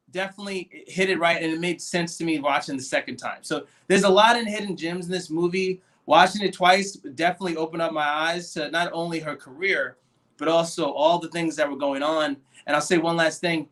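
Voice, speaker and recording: A man co-hosting a casual movie discussion podcast, animated and acting out quoted voices as he talks. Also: a little high, a little fast. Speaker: podcast co-host.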